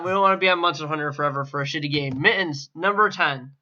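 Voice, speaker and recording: A man co-hosting a gaming podcast, animated and quick to laugh as he moves the talk along. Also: on the high side. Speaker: podcast co-host. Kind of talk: casual gaming chat. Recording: dull lo-fi sound.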